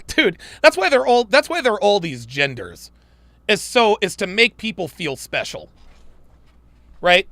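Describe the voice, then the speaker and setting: A man hosts a live reaction show with a high, swooping voice that sounds bright and sharp. He mocks and rants with exasperated disbelief, swearing freely. The sound is dry and close. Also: very animated, a little slow, long pauses, no room sound. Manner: mocking, exasperated, swears a lot; laughs in disbelief. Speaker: show host reacting to clips. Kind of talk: crude live reaction commentary.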